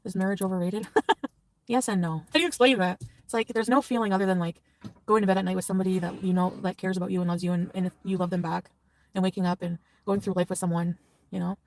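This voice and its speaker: A woman's voice: fairly low pitch, fairly even intonation, fast talker. A woman chatting casually and rambling as a livestreamer, confiding stories and laughing often. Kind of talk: casual chat. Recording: distant mic with loud traffic noise.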